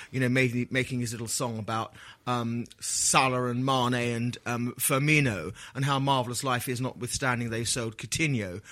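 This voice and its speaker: A man's voice: mid-range voice, bright, forceful tone. A man co-hosting a football podcast, talking in a wordy, mock-formal, ironic way. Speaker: podcast co-host. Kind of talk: casual chat.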